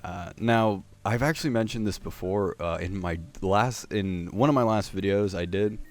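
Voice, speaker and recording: Gravelly low-voiced man rambling casually. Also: normal speed. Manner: hesitant, many fillers and restarts. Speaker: anime commentary host.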